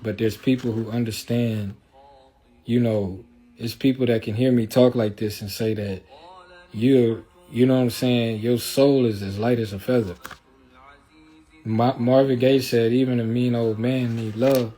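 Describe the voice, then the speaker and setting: A man's voice: medium pitch, steady tone, a little slow, dark tone. Rambling streetwise man on a livestream. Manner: loose, streetwise, rambling, with frequent filler asides. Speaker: livestream host. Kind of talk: casual livestream talk.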